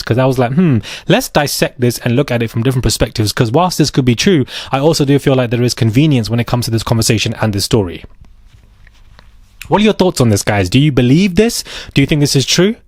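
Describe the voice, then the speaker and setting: A man hosting a commentary channel, giving rapid, animated opinions with sarcastic asides. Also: medium pitch, no room sound, clean studio sound.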